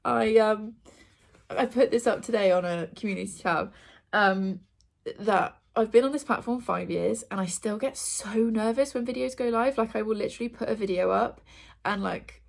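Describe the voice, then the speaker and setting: A woman's voice: mid-range voice, normal speed, vocal fry. A young woman chatting casually through her monthly reading wrap-up, with frequent ums and likes. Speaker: book vlogger.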